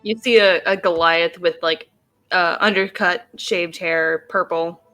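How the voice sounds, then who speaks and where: A woman's voice: lowish voice, steady tone, unhurried, bright, forceful tone, soft background music. A woman playing a tabletop game, declaring her actions playfully. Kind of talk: casual chat.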